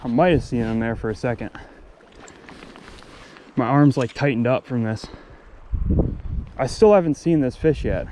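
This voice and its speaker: Male fishing vlogger, mid-pitched, excitable running commentary, outdoor river audio with wind and water. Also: moderate pace, pauses often. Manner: excitable, talks straight to viewers, repeats exclamations. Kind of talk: live commentary to viewers while fishing.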